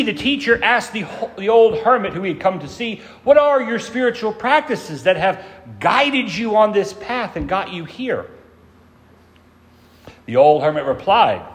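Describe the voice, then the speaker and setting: A man preaching a sermon, telling a parable with shifting emphasis as he goes. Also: high voice. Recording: long reverb.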